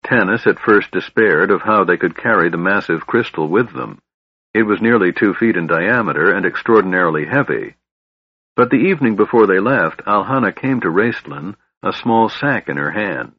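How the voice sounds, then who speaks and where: A man reads fantasy narration in a steady, measured way. His voice sits low and slightly husky. The recording is dry and dull, with a muffled lo-fi quality. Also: no echo. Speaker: audiobook narrator. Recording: dull, lo-fi sound.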